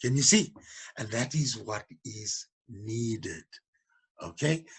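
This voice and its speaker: A man's voice: on the low side, expressive, slow, breathy edge. A man teaching a geography revision lesson, often checking understanding with "okay?" and "you understand?".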